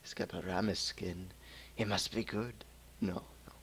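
A man streams from a home room, keyboard typing audible, casually commentating on his own match and often joking and laughing. His deep voice is gravelly with a breathy edge and a fairly bright tone, with fairly even intonation at a measured pace.

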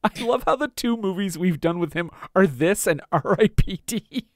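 A man co-hosting a podcast in casual chat, animated and laughing often. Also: high-pitched, normal speed, no echo, clean studio sound. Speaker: podcast co-host.

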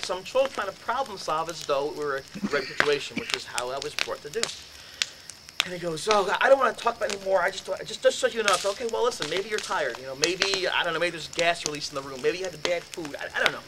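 A man giving a storytelling lecture, animated and acting out the dialogue as he goes. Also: fairly high pitch, heavy background noise. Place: lecture room.

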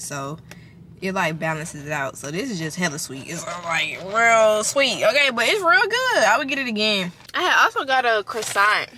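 A young woman vlogging casually to camera from inside her parked car, chatty and expressive, swearing freely and talking to her viewers as y'all. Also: fairly low pitch, slight background noise. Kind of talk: casual vlog talk to camera.

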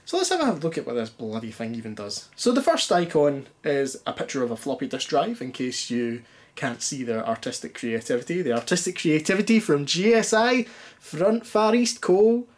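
Anxious man, rambling and self-deprecating, home demo video, filled with ums. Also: fairly high pitch. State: anxious, stutters. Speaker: retro gaming youtuber. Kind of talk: casual hands-on demo.

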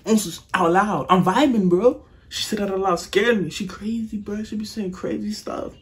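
A man in casual chat, teasing his relatives in slangy, animated talk. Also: high-pitched, moderate pace. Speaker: family member roasting relatives.

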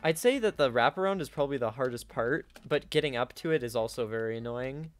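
A young man giving live gameplay commentary, swinging between yelling in frustration and quiet muttering to himself. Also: medium pitch, expressive, fast, no echo, soft background music. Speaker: gaming YouTuber.

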